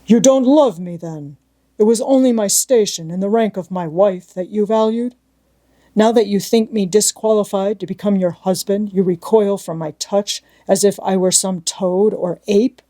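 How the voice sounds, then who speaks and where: A woman reading the part of a passionate gentleman who pleads with his beloved in an audiobook, intense and pleading. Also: medium pitch, normal speed, lightly acted. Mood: anguished. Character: anguished passionate gentleman, Mr Rochester.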